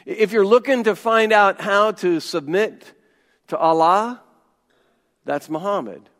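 Emphatic high-voiced pastor in a reverberant hall. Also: male voice, takes it slowly. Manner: emphatic, dropping to quiet intensity; humorous asides. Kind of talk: sermon.

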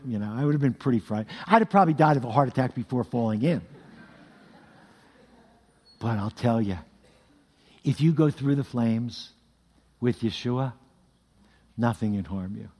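A man preaching a sermon, telling scripture stories in an animated way with vocal sound effects. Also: medium pitch. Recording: long hall reverb.

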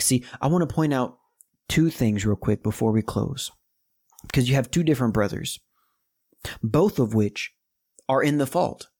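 A man's voice: mid-range voice, lively intonation, normal speed, dark tone, slightly rough. Emphatic man preaching a Bible study. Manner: emphatic, conversational, rising to exclamations. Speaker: podcast host teaching Bible study. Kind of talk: scripture reading with preaching commentary.

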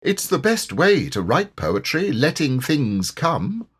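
A man doing a slow, gentle teddy bear. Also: fairly high pitch, sing-song, breathy edge, voice pushed up, heavily acted. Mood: musing. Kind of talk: storybook reading.

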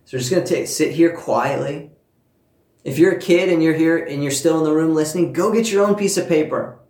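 A man preaching a sermon, telling a personal story with warmth and earnest emphasis, speaking to listeners at home. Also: fairly high pitch, brisk, roomy sound. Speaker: pastor.

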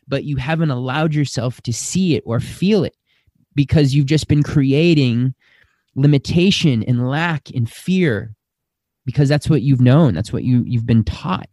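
Speaking as a spiritual teacher, a man with a relaxed, mellow, mid-pitched voice talks slowly and earnestly, drawing out the words he wants to emphasize. His tone is reflective, and the recording is dry and close with no room sound or echo.

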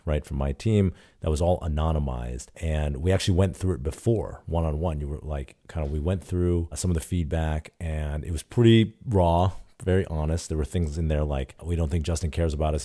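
A man with an extremely deep, dark and mellow voice recounts a story in an interview. He talks casually and animatedly, slipping into quoted dialogue and swearing now and then. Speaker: startup CEO guest.

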